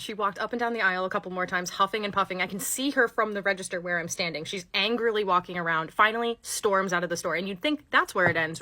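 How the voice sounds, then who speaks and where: A woman tells a comedic story in skit style, chatty and animated. Her voice is bright and lively. She breaks into laughter often. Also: medium pitch, a little hiss or hum. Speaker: comedy storyteller, former cashier.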